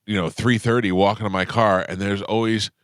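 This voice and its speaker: A man's voice: on the low side, brisk, no echo. A man hosting a radio show, telling rambling stories in casual banter from the studio mic. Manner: rambling, animated storyteller. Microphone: studio microphone.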